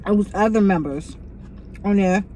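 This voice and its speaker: A woman's voice: medium pitch, moderate pace, mellow, slight background noise, low-quality recording. A young adult woman hosting a casual mukbang vlog from inside a car, chatting directly to her viewers. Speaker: vlogger host.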